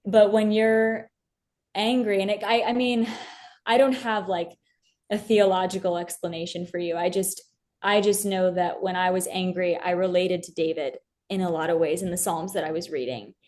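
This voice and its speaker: A woman's voice: on the low side, fairly even intonation, normal speed, a little mellow. A young woman as an interview guest, talking earnestly and from the heart about her faith, with many fillers and restarts. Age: young adult.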